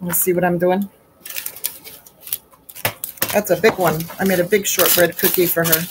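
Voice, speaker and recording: A woman's voice: fairly low pitch, fairly even intonation, moderate pace, background noise. A woman hosting a chatty baking demo from her home kitchen, asking rhetorical questions and calling her viewers sweetie and honey. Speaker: home baker and host.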